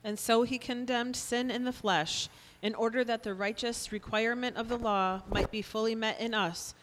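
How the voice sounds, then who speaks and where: A woman reading a scripture passage aloud in a quiet, steady way during a sermon. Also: a little high, normal speed, big-room sound, slight background noise, poor audio. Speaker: scripture reader.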